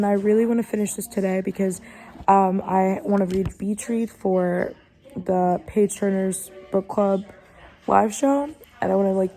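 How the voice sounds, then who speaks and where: A young adult woman talks through her reading in a casual vlog. She is excitable and gushing as she reacts, with a mellow, warm tone. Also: mid-range voice. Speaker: book vlogger.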